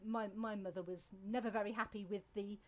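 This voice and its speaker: A woman's voice: mid-range voice, steady tone, a little fast. A British woman hosting a podcast, chatting casually in a rambling way with many fillers and restarts. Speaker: podcast host. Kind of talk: casual chat.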